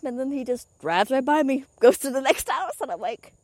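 A woman's voice: a little high, fairly quick, few pauses, dry recording. A young woman telling a story in a casual, chatty way, acting out her own reactions and swearing now and then, as a meditation teacher. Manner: chatty, animated retellings with swearing and laughs.

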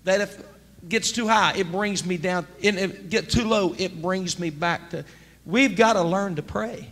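A man preaching a sermon as pastor, emphatic and rising to near-shouts. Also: high-pitched, moderate pace. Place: church sanctuary. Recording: church sanctuary with long reverb, faint noise.

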